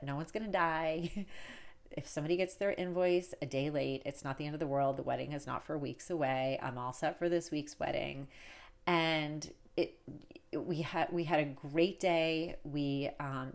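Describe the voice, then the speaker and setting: A woman in her forties with a low voice and a gravelly edge talks straight to camera. She is candid and chatty and laughs often as she tells her story. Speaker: wedding cake business owner and coach. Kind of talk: casual vlog storytelling.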